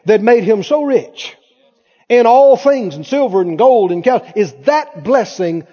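A man's voice: sits high, lively intonation, unhurried, dark tone. A man preaching a sermon as pastor, with fervent, repeated declarations. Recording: dull sound in a reverberant hall.

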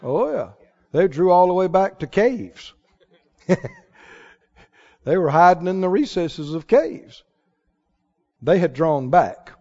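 A man preaching a sermon, telling a Bible story with lively, acted-out dialogue. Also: high voice, slow, pauses often. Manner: animated storytelling, acting out the people in the tale. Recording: reverberant hall, somewhat dull sound.

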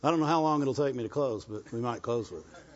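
A man's voice: mid-range voice, fast talker, some chatter behind. A man with a rural Southern US accent preaching a sermon, exhorting the congregation and often repeating himself and asking for an "Amen". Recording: dull lo-fi recording.

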